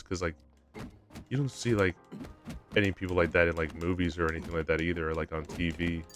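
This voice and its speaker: A young man with a low, deep voice talks casually to his stream audience while he plays. He rambles with plenty of fillers and restarts, and faint game music runs underneath. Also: flat delivery, quick pace. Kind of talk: casual live-stream chat while gaming.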